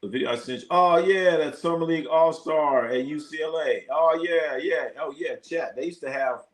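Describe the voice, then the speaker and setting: A man's voice: on the high side, normal speed. A man hosting a live sports stream, chatting loosely with his viewers and swearing freely. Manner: loose, profane, reacts to chat. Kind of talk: casual live-stream chat.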